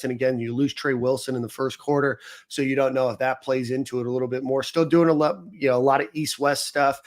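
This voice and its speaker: Podcast host, mid-pitched man, relaxed chatty delivery. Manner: conversational, lots of fillers like um and you know. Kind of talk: casual sports chat.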